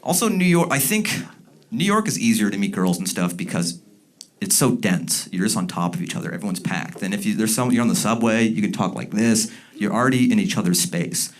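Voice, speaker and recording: A man doing a stand-up comedy set, animated and jumping into loud, shouted character bits. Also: lowish voice, fairly quick. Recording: live comedy club with audience laughter.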